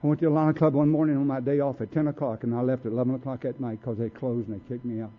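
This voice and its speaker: A man's voice: medium pitch, flat delivery, rapid-fire. A man speaking at a recovery meeting, telling his story in a blunt, streetwise way and acting out what people said. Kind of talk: personal story talk. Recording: tinny phone-like recording.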